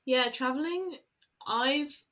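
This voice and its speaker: A woman's voice: high-pitched, slow, fairly bright tone. A woman talking casually in an interview, rambling with many fillers and bursts of laughter. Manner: chatty, lots of fillers and laughter. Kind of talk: casual chat.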